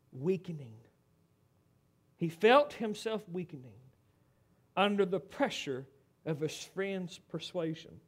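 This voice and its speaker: A man preaching a sermon, swinging from loud dramatic pleading to hushed, low lines.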